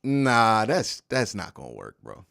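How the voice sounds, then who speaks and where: Young man, live-stream host, animated, argumentative, answers chat, lively pitch, dry close mic. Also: measured pace, vocal fry, no room sound. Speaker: host of a live football post-game stream. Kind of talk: casual live-stream commentary.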